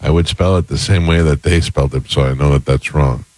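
A man's voice: extremely low pitch, steady tone, brisk, a little mellow, dry recording. A man co-hosting a casual radio show, chatty and self-deprecating. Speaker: radio co-host.

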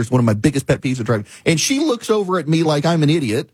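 A middle-aged male host with a husky, slightly breathy voice, riding a lively, up-and-down pitch as he rants. His delivery is casual and exasperated, and the studio sound is close and dry. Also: fast talker, few pauses, no room sound. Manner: animated, exasperated ranting. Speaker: talk show host. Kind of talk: casual opinion commentary.

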